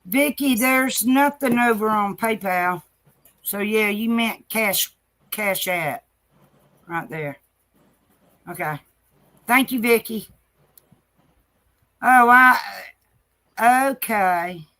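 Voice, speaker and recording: A woman's voice: mid-range voice, slow pace, long pauses, sharp tone. A woman hosting a casual livestream from home, folksy and affectionate as she talks to her chat and her dogs. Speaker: livestream host.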